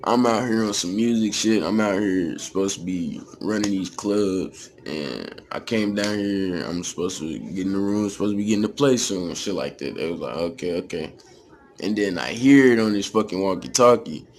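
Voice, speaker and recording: A man's voice: on the low side, moderate pace. A young man from Texas with a Texas accent, telling a story in a casual, slangy, profane way.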